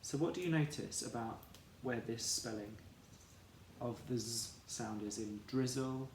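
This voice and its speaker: Male teacher, phonics lesson, unhurried and gravelly, echoey room. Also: medium pitch. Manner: slow, careful, sounding out each letter. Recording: echoey room, faint background noise.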